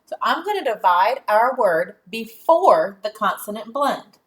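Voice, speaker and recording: A woman teacher giving a phonics lesson to young children, sounding out letters and syllables deliberately and praising answers. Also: fairly high pitch, very animated.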